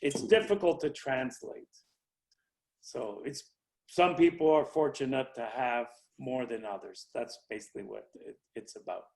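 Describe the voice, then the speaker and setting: A middle-aged man, a winery owner, chatting casually on a video call and speaking haltingly with many restarts. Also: mid-range voice, darkish tone, low-quality recording.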